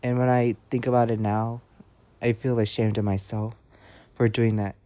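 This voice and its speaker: A man's voice: mid-range voice, flat delivery, moderate pace, warm tone, no room sound. A seventeen-year-old boy telling a personal story in an earnest, reflective way. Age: teens.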